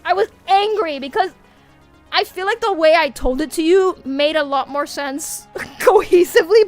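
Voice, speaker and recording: A woman streamer in casual livestream chat, ranting animatedly with lots of swearing and frequent laughter. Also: very high-pitched. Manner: laughs often. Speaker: VTuber streamer.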